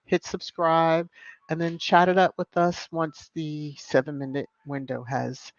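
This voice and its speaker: A woman's voice: sits low, level tone, unhurried, no room sound. A woman hosting a casual live stream, chatting with viewers and greeting them by name in a sing-song way. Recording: slightly muffled, soft background music.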